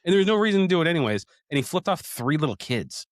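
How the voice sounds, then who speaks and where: A man's voice: fairly high pitch, sing-song, quick pace, dry recording, clean studio sound. A man in his thirties co-hosting a casual podcast, talking in a profane, rambling way and calling everyone "dude". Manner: profane, rambling storyteller, calls listeners "dude". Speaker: podcast co-host.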